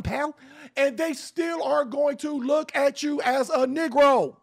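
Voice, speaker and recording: A man's voice: very high voice, fairly bright tone. A man hosting an opinion radio show, talking bluntly and emphatically, with swearing and preaching. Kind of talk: fiery opinion talk.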